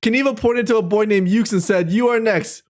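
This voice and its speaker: A woman's voice: mid-range voice, brisk, darkish tone. A young woman reading an AI-written story aloud, reacting with giggly, shrieking exclamations. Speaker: streamer.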